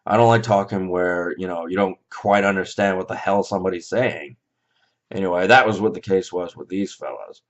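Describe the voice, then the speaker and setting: A man's voice: low voice, moderate pace. A Canadian man recounting a dream in a rambling, hesitant way, full of fillers and restarts. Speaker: vlogger. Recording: slightly dull lo-fi audio.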